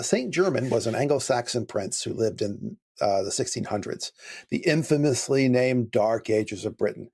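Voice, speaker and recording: A man's voice: medium pitch, darkish tone. A man hosts a laid-back book discussion podcast. He talks in a chatty, meandering way and often digresses into detailed explanations. His asides carry a dry, wry humor. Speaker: podcast host.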